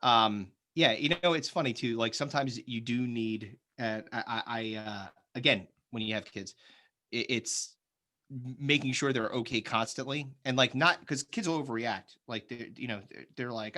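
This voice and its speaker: A man's voice: mid-range voice, fairly quick, bright, forceful tone. Man, 30s, podcast host, casual chat, rambling, swears a lot, jokey. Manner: rambling, profane, jokey, puts on silly voices.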